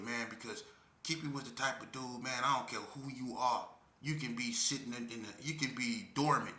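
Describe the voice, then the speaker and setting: Bright-voiced man telling street stories. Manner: animated, drops low and slow when grieving. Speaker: storyteller vlogger. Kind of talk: casual storytelling. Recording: echoey room.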